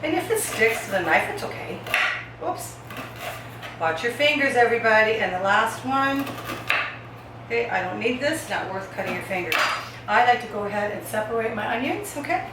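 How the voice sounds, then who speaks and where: A woman hosts a relaxed home cooking demonstration, chatting to her viewers as she slices vegetables. Her voice sits a little high and comes from a distance in a strongly echoing kitchen, with clear clatter of pots and dishes behind her. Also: moderate pace, very noisy. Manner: chatty, talks to viewers while chopping. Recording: very echoey kitchen, far from mic, dish clatter.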